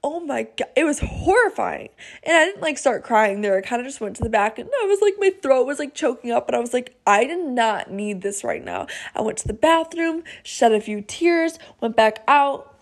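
A young woman hosting her own podcast, telling a story in a chatty, animated way and often checking in with "okay?". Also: sits high, fairly quick. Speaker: podcast host. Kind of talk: casual storytelling monologue. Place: home, seated in a noisy chair.

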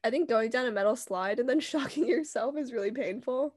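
A young woman co-hosting a casual podcast, telling stories in a giggly, animated way and acting out what people said. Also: a little high, brisk. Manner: giggly, animated storytelling with acted quotes. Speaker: podcast co-host. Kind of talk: casual chat.

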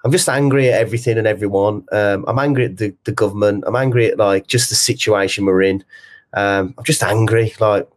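A man's voice: fairly low pitch, steady tone, fairly quick. A man co-hosting a podcast in casual chat, speaking frankly and heartfelt, scattering "like" and the odd swear word. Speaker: podcast co-host, company co-founder.

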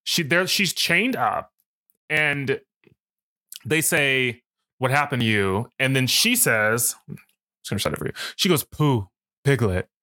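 Lively, wry man recapping a film. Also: medium pitch, no room sound. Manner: animated storyteller, dry jokes, quotes scenes. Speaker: podcast co-host. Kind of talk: casual chat recapping a film.

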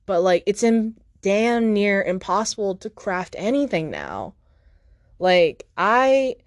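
A young woman talks alone into the mic, meandering from one gripe to the next and acting out old text exchanges. Her voice sits a little low, and the sound is dry, with no room around it. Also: no echo. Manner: meandering, filler-heavy, retells texts in quoted voices. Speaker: podcast host. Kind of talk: rambling solo podcast chat.

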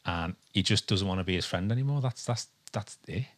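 A young Englishman with a deep voice talks a little fast while co-hosting a podcast. The chat is casual, and he rambles and hesitates, filling gaps with lots of ums.

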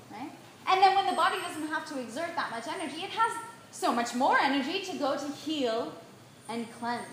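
A woman giving an animated lecture on diet to a live audience, often checking in with a quick "right?". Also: high voice. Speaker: nutrition speaker. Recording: very echoey room, faint background noise.

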